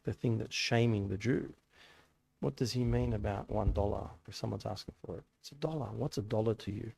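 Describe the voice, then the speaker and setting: A man with a medium-pitched, creaky, darkish voice gives a casual sermon to a youth group in a church hall. He speaks conversationally, telling stories and asking rhetorical questions.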